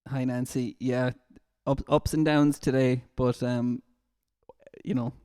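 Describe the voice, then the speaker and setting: A man's voice: medium pitch, little pitch movement, slow pace, darkish tone, smooth, dry recording, studio quality. A man with an Irish accent, a music therapist, chatting casually on a live stream and reading out viewer comments with easy laughter. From Ireland. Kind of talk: casual chat to a live stream audience between songs. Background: acoustic guitar.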